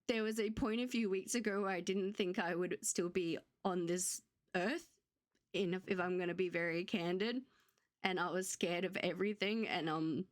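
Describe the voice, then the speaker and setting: A woman streamer in casual chat with her viewers, candid and gushing with thanks. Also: mid-range voice.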